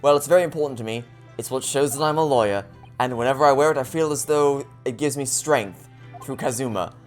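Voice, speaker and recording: A woman voicing an earnest young male lawyer in a quick, plain way. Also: very deep voice, faint music behind.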